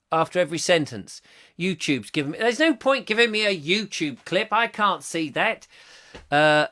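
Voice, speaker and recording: A male chat show host who rambles playfully through viewer comments and makes fun of himself as he goes. His voice sits a little high and sounds bright and forceful. He trails off into humming when he loses his thread. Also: moderate pace. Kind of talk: comic live chat, reading viewer comments.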